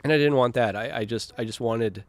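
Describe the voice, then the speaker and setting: A man's voice: medium pitch, a little fast, no room sound. A man speaking as a film director, giving a loose, enthusiastic commentary full of fillers and restarts. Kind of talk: director's commentary, casual chat.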